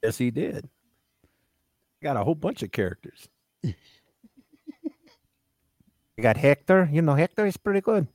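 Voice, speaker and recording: Slow, joking male radio host. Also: on the high side, sing-song, a little mellow, no room sound, clean studio sound. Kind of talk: casual crude banter.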